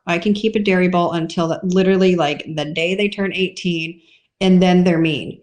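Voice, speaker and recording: Chatty woman farmer telling stories. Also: medium pitch. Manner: chatty storyteller, acts out voices. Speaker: guest dairy farmer. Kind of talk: casual podcast interview.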